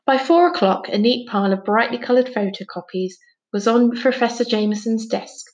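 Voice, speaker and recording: A woman reading a children's book aloud with clear, gentle storytelling. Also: fairly high pitch, moderate pace. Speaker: story reader.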